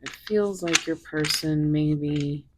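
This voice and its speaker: A woman's voice: low-pitched, slow, heavy background noise. A woman doing a tarot reading, musing and thinking aloud with frequent fillers. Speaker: tarot reader.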